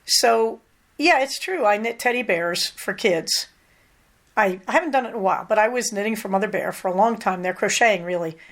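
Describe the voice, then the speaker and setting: An older woman hosting a podcast, talking candidly in a casual, conversational monologue with lively emphasis. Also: medium pitch, fast. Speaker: podcast host.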